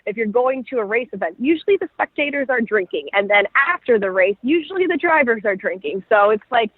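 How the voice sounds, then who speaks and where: Woman guest on a phone line, high pitch, upbeat and chatty. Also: expressive, fairly quick, dry recording. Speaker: rally reporter guest. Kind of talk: casual chat.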